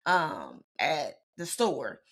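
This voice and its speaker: A woman co-hosting a podcast in casual chat, repeating her points in relaxed everyday vernacular. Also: deep voice, drawn-out words. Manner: conversational, repeats phrases, speaks in relaxed vernacular. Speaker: podcast co-host.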